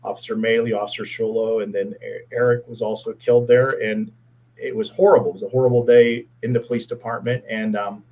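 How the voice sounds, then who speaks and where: A man's voice: lowish voice, flat delivery, brisk, a little mellow, rough recording. A middle-aged man from the Pittsburgh area, a former police officer, telling a heartfelt story in a casual interview, earnest and often repeating his words.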